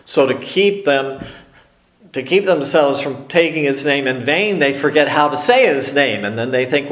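A man preaching a sermon slowly and emphatically, with dramatic pauses on key words. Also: medium pitch, animated, fairly bright tone, roomy sound. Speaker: pastor.

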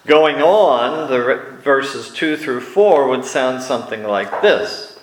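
A man delivers a sermon at an unhurried, measured pace, leaning on pauses for emphasis. His voice sits at an ordinary middle pitch. The sound carries a noticeable echo, as if recorded in a roomy space. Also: expressive. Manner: slow, deliberate teaching delivery with emphatic pauses. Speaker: preacher.

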